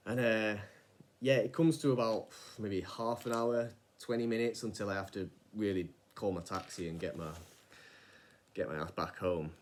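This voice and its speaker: A man, casually telling a personal story in a rambling, animated way, with frequent restarts and some swearing. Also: mid-range voice, moderate pace. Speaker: vlogger.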